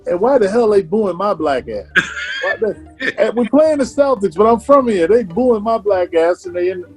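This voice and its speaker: High-voiced, animated man telling a story. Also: moderate pace, breathy edge, soft background music. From Hartford, Connecticut, USA. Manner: animated, laughing, profane storytelling. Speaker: former basketball player. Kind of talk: interview anecdote.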